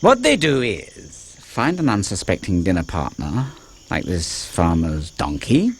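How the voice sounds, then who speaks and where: A man's voice: low voice, sing-song, a little slow, slightly rough. A man narrating a kids' wildlife program in a jokey, playful way. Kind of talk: scripted wildlife narration for kids. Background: music.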